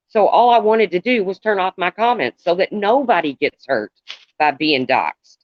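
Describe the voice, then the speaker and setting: A middle-aged man talking to viewers on a live stream in a halting, rambling way, calling out commenters by name. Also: high voice, expressive, no room sound. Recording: dull lo-fi, dry sound.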